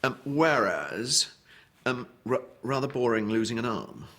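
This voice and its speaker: A man's voice: mid-range voice, sing-song, measured pace, a bit bright. A man in an interview, demonstrating posh pronunciation with exaggeration and fillers. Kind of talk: interview answers.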